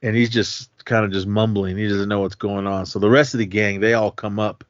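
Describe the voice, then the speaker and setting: A podcast co-host with a lowish, level voice briskly recaps a movie's plot in a casual, rambling way, with lots of fillers and self-corrections. The recording is dull, dry and lo-fi.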